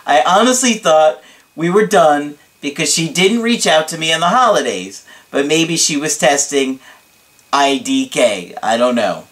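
A dramatic, excitable young man pours out his thanks, drawing every word out slowly and theatrically, as a man puts him on. The voice sits a little high for a man. He leans hard on each phrase for effect. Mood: gushing. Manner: drawn-out dramatic emphasis.

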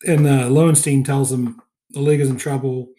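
A man's voice: medium pitch, level tone, fairly quick, dark tone. A man chatting casually on a podcast, recapping a movie with lots of fillers and acted-out quotes. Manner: rambling, many fillers, acts out quoted lines. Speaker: podcast co-host.

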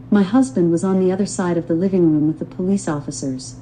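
A woman's voice: mid-range voice, lively intonation, a little fast, hardly any pauses, warm tone, slight background noise, poor audio. An older woman reading her own memoir aloud in an earnest, devout testimonial manner. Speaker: memoir author and narrator.

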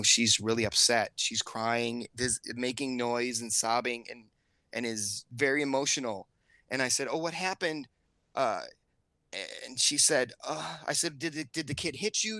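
A middle-aged man tells a story on a casual podcast, his voice bright and forceful. He jumps up in pitch to play the other people in his story. The sound is close and dry. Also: no echo. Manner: animated storyteller, acts out quotes with raised pitch. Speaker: podcast co-host. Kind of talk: casual chat.

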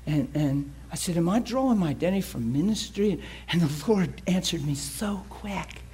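A man preaching a sermon, telling a story with animated energy that swings from hushed to shouting. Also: high-pitched, normal speed, breathy edge. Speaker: pastor.

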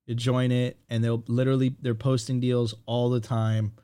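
Slangy, animated podcast host man. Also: mid-range voice, moderate pace, clear, resonant tone. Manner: slangy and animated, restarts a lot. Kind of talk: casual podcast chat.

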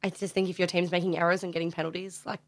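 Laid-back young Australian woman with a low voice. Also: flat delivery, very fast. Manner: laughs easily, argues her points with many likes. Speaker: podcast co-host. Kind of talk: casual chat about rugby league.

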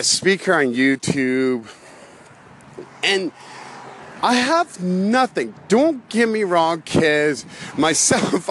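A man's voice: on the high side, fairly bright tone, a little hiss or hum. A man who is a pastor, ranting casually and rambling, slightly out of breath as he walks outdoors. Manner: rambling, loses his train of thought, laughs between phrases. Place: walking outdoors.

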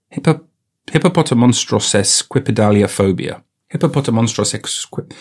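A man's voice: on the low side, lively intonation, fairly quick. A man hosting a comedy podcast into a studio mic, riffing playfully and repeating bits in silly voices. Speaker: podcast host. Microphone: studio microphone.

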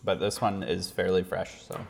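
A man's voice: sits low, flat delivery, moderate pace, gravelly, big-room sound. A man co-hosting a casual chat, explaining things in an easygoing way. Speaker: podcast co-host.

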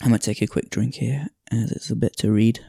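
A man's voice: medium pitch, fairly even intonation, a little fast, vocal fry, warm tone, husky, no echo, clean studio sound. A man hosting a podcast, telling a story in a reflective, casual way with frequent sighs and fillers. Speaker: podcast host. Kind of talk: casual storytelling and reading aloud.

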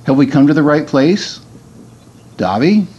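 A man's voice: a little high, very animated, a little slow, mellow, breathy edge, muffled recording, pitched above the performer's own voice, heavily acted. A man reading as a brave young wizard. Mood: urgent. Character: young wizard hero, boy, brave, urgent.

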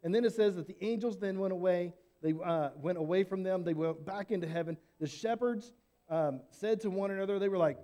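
High-voiced man telling a children's Bible story. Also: a little fast. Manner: animated, casual, asks the listeners questions.

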